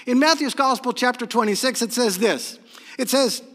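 A pastor from New England preaching a morning sermon, retelling scripture as an animated story. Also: male voice, very high voice, moderate pace, big-room sound.

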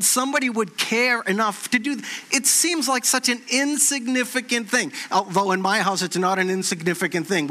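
Male preacher, bright high voice, animated sermon storytelling, repeats lines for effect. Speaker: pastor.

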